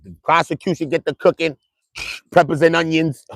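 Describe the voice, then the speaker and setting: Ny guy riffing on a court case live, gravelly low-ish voice, slangy and jokey, dry close sound. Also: normal speed, pauses often, dry recording. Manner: loose street slang, joking, animated storytelling. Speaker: trial commentator. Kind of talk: casual livestream commentary.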